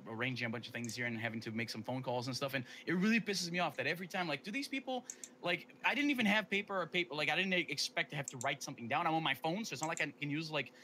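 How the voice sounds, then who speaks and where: Fast, bright man. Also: a little high, slight background noise. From Brazil. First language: Portuguese. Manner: animated, ranting, slangy. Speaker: guest YouTuber and game maker. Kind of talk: casual chat.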